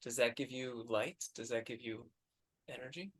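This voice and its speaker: A man with a New Zealand accent plays an improv comedy scene. His voice is mid-pitched, and his delivery stays deadpan, with words drawn out for emphasis. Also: normal speed, husky.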